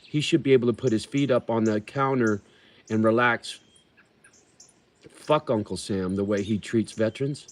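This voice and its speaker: A man's voice: on the low side, moderate pace, a little mellow. A man hosting a livestream, chatting casually with viewers in a profane, rambling and heartfelt way. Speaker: livestream host.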